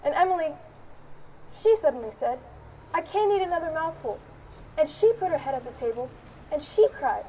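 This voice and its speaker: A woman's voice: sits high, expressive, moderate pace, long pauses, mellow, distant mic, a little hiss or hum, poor audio. An actress playing a middle-aged mother fretting in a confiding monologue before her daughter's wedding, in a stage play. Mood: fretful.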